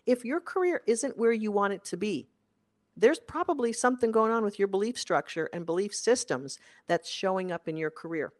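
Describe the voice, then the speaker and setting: A career coach delivering an emphatic motivational monologue, repeating key phrases for effect. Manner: emphatic and repetitive, with big swings in pitch and loudness.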